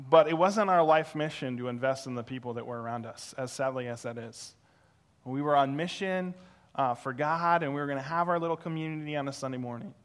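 A male pastor preaching through a personal story, animated and self-deprecating, acting out the voices he quotes. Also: on the high side. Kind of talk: sermon storytelling.

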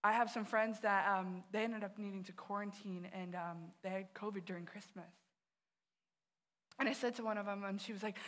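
A woman's voice: medium pitch, fairly quick, a bit bright. A woman youth director giving an earnest sermon, telling personal stories and speaking straight to the listeners.

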